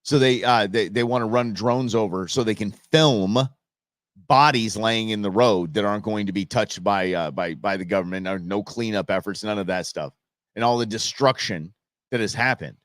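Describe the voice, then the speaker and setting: A man's voice: fairly low pitch, moderate pace, no room sound, studio quality. A man hosting a live political commentary show, fired up and sarcastic, often restarting and repeating himself. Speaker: show host.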